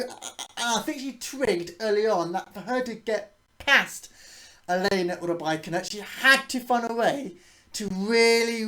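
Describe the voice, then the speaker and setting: A woman's voice: fairly high pitch, a bit bright. Rambling, swearing woman. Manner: rambling, swears freely, frequent restarts. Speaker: tennis channel host. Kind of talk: casual match reaction.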